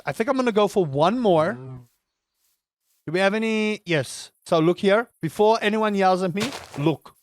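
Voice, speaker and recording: A man's voice: sits high, a little hiss or hum. A man giving playful, chatty let's-play commentary with jokey wordplay. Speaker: gaming host.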